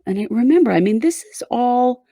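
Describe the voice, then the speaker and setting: A woman's voice: on the high side, animated, fairly quick, dark tone, no room sound. A woman hosting a true crime show, casually walking her co-host through a case step by step. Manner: conversational, recounts events step by step.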